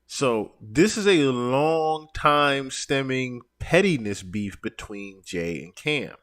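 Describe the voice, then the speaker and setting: Animated man giving casual commentary. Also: medium pitch, takes it slowly. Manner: animated, explanatory.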